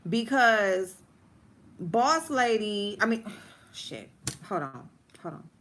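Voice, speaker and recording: A woman telling a story during a livestream, animated and blunt, with plenty of swearing. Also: mid-range voice, takes it slowly, slight background noise. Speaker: livestream host. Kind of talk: casual storytime rant.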